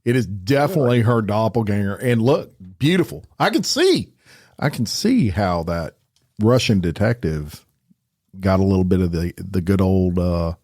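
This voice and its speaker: A man co-hosting a podcast, chatting in an animated, jokey way. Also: fairly low pitch, normal speed, no room sound, studio quality. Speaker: co-host. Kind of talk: casual chat.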